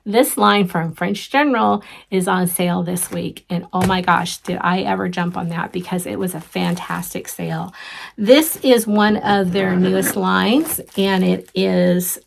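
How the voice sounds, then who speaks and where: A woman's voice: lowish voice, vocal fry. A middle-aged woman hosting a casual show-and-tell craft vlog, chatty and rambling, with many ums and restarts. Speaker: flosstube host.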